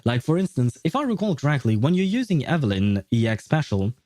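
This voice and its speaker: A man's voice: mid-range voice, big pitch swings, brisk, dark tone, dry recording. A young man with a French accent, a French speaker chatting casually while streaming a game, rambling, correcting himself and laughing often. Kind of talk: casual livestream chat.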